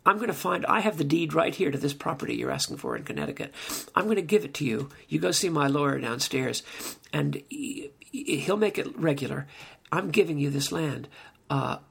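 A man quoting a grieving middle-aged mobster father, in a quiet, heavy, plainspoken way. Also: a little high, very animated, fairly quick, vocal fry, husky, full character voice. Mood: solemn.

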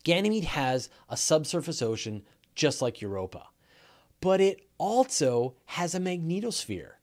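A man's voice: fairly high pitch, very animated, unhurried, a little mellow. A man with a Canadian accent hosting a live question show, talking enthusiastically with many fillers and restarts. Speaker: podcast host.

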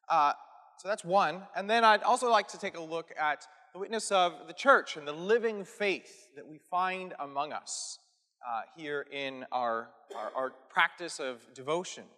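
A Catholic preacher with a fairly high, bright, forceful voice teaches on scripture earnestly and emphatically. He frequently checks in with his listeners, and the recording has the long reverb of an echoey hall.

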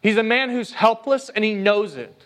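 A man delivers a sermon in a conversational, animated way, and his voice sits high for a man. He reads scripture aloud and acts out the quoted lines. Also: normal speed. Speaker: preacher.

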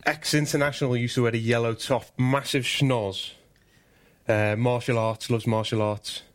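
A man's voice: mid-range voice, brisk. A man, a former footballer, bantering on a podcast panel, giving quiz clues with chuckles. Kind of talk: casual panel chat.

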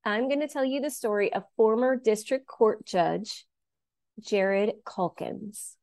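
A woman's voice: a little high, slow pace, darkish tone, dry recording, studio quality. A woman co-hosting a podcast, chatting and then telling a researched story. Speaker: podcast co-host.

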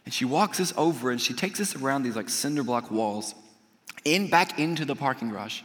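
Male pastor, sermon storyteller, forceful and bright, acts out quoted lines, long hall reverb. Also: medium pitch, brisk. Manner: animated storyteller acting out quoted voices.

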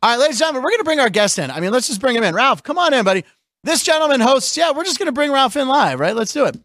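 A male show host talks sports in loose, joking banter, breaking into laughs as he goes. His voice sits high for a man and sounds dry, with no room around it. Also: sing-song, very fast, a bit bright, no room sound. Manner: chatty, jokey, laughs often.

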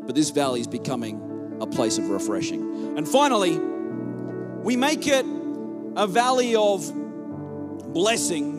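Animated, high-voiced man preaching a sermon. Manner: animated preaching that leads the congregation. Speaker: pastor. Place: church hall with a congregation.

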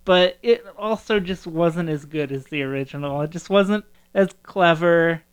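A woman's voice: fairly low pitch, unhurried, smooth. A woman co-hosting a casual movie chat, talking in a chatty way with frequent laughs and trailing sentences. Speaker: podcast co-host.

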